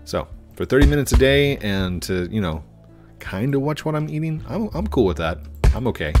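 A man's voice: medium pitch, sing-song, normal speed, music in the background. A man chatting casually and rambling while he plays a game, easily distracted. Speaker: gaming YouTuber. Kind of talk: casual gameplay commentary.

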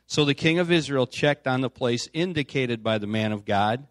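A man's voice: mid-range voice, lively intonation, moderate pace, no echo, clean studio sound. A man preaching an informal sermon as a pastor, reading scripture aloud with casual asides. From United States. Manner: conversational, reads aloud with asides. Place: church.

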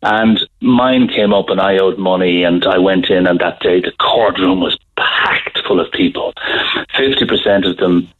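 A middle-aged Irish man telling a story in a radio interview, halting, with many restarts. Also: sits low. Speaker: guest author. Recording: phone-line audio.

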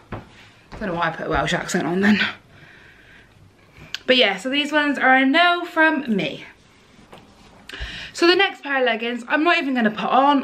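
Woman, young adult, high voice, very animated pitch, chatty, outspoken, casual haul vlog. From United Kingdom. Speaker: fashion vlogger. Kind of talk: casual try-on haul chat.

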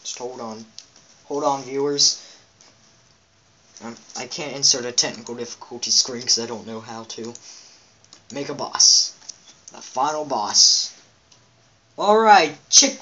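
A man's voice: mid-range voice, fairly bright tone, highs cut off, slight background noise. A man giving rambling, chatty commentary on his own gameplay, talking straight to his viewers from a home setup. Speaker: let's play gamer.

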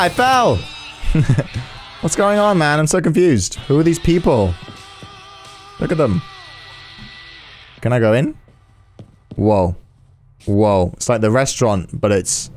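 A man hosting a gaming video, giving excitable let's-play commentary, swearing and yelling in reaction. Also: medium pitch.

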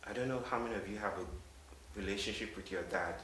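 A man in his thirties from Africa, giving an earnest, halting storytelling talk to a live audience. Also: lowish voice, sharp tone. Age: 30s. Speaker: public speaker. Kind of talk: storytelling lecture. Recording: roomy hall from a distant mic with faint hiss.

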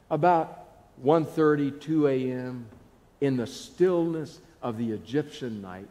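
A male pastor giving a sermon, telling the story dramatically with hushed pauses. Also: medium pitch. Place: church sanctuary. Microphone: live broadcast mic. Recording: long church reverb.

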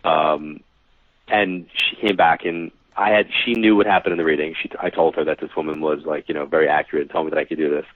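With a rumbling low voice and fast delivery, this psychic medium from New York, in his forties, spins stories as an interview guest. He performs every quoted line with animation over a dry, tinny, phone-like connection that has no echo.

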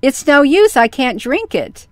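A woman's voice: high-pitched, very animated, unhurried, no echo, pitched above the performer's own voice. A woman voicing a whining, stubborn wooden puppet boy in a storybook reading. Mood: wailing. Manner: whining, wailing protests.

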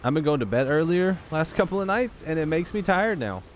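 A tired gaming YouTuber offers casual, rambling, joking commentary to himself while playing a video game. His voice is on the high side, brisk, with lively intonation, and there's a little hiss or hum.

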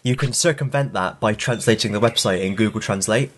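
A man's voice: on the low side, fairly quick, a bit bright, slight background noise. A man co-hosting a casual let's play, joking and laughing a lot as he rambles. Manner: laughs often, rambling and jokey. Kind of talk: casual gaming commentary chat. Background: game music.

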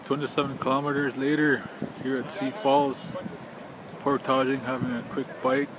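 A man's voice: mid-range voice, level tone, normal speed. A man from northern Manitoba narrating a casual travel vlog outdoors, giving short clipped progress updates into a handheld camera. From northern Manitoba, Canada. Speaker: trip vlogger. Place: outdoors by lakes and rivers. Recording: outdoor camera audio with clear background noise.

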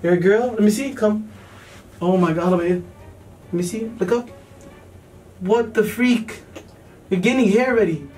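A man in his twenties, a vlogger, talking in a playful, teasing and excitable way while pranking children. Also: high voice, normal speed, pauses often. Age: 20s. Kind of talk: casual prank vlog. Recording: distant mic with faint music.

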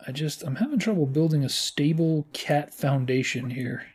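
Playful man with a mellow voice. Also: normal speed, breathy edge. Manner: playful, exclaims in high squeals at the game. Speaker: gaming channel host. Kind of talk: casual let's-play commentary.

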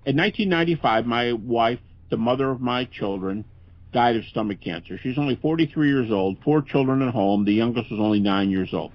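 In dull, lo-fi podcast audio with no echo, an older guest scholar of medium pitch speaks a little fast. His tone is earnest and conversational, and he restarts his thoughts often.

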